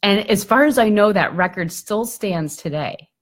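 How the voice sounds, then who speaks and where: Woman telling an animated story. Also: mid-range voice, normal speed, faint music behind. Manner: animated, conversational storytelling with frequent "like" and "I mean". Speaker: keynote speaker and coach. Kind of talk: storytelling on a live video chat.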